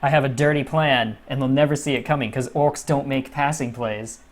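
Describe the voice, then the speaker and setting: A man briefly putting on the voice of a sly, scheming male orc in a gaming commentary, mock-gloating and quick. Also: medium pitch, steady tone, close to an everyday voice.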